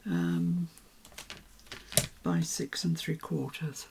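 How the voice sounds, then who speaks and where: A woman chatting casually to herself as she works on a papercraft project, with soft asides. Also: on the low side, steady tone, extremely slow, gravelly, background noise. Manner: chatty, self-talking while working, soft asides. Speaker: papercraft vlogger. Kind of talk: casual crafting commentary.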